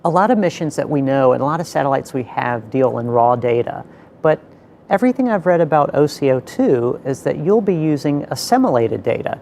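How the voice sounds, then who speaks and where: Gravelly-voiced male webcast host. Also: mid-range voice, very animated, fairly quick, a little mellow, slight background noise. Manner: joking, bantering questions. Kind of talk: casual interview.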